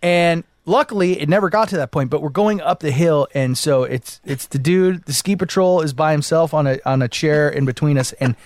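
A man in his forties co-hosting a podcast, telling a story in an animated, profane way and acting out what people said. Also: on the high side, moderate pace, hardly any pauses, no echo, studio quality. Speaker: podcast co-host. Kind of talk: casual storytelling chat.

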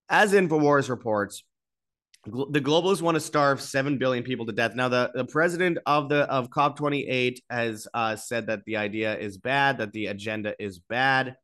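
A man hosting a political commentary show, reading out articles and mocking them, with emphatic bursts and slow drawled key words. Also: medium pitch, a bit bright. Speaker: host.

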